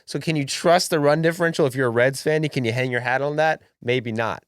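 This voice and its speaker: A young man co-hosting a podcast in casual sports chat, brash and animated, swearing freely. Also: medium pitch, fairly quick, clean tone, dry recording, studio quality. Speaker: podcast co-host.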